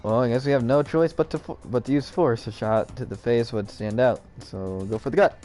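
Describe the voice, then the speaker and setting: A man's voice: mid-range voice, a little fast, a little mellow, soft background music, pitched below the performer's own voice, lightly acted. A man voicing a brash, shameless young man in a video game, blustering through the lines.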